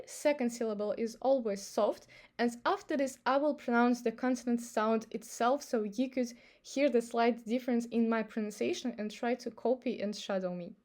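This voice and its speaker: A woman with a Russian accent teaching pronunciation, speaking clearly and patiently and modelling words slowly for her listeners to repeat. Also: on the high side, a little mellow. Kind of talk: pronunciation lesson.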